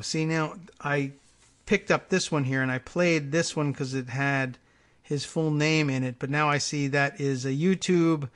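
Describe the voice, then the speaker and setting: A man's voice: fairly high pitch, fairly bright tone. A man hosting a morning talk radio show, thinking aloud and reading out online posts in a casual, rambling way.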